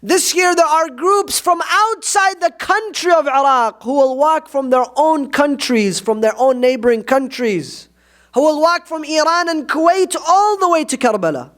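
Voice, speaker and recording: A man's voice: extremely high pitch, lively intonation, moderate pace, fairly bright tone. A man preaching a sermon in a mosque, impassioned and full of rhetorical questions.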